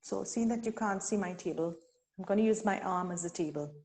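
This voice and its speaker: A woman from Trinidad and Tobago leading a teacher-training webinar, speaking deliberately and sounding out syllables slowly. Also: medium pitch, darkish tone. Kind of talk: instructional webinar talk.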